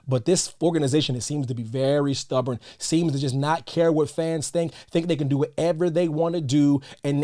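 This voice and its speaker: A young man hosting a fan podcast, ranting in an animated, slangy way. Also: on the high side. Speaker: podcast host.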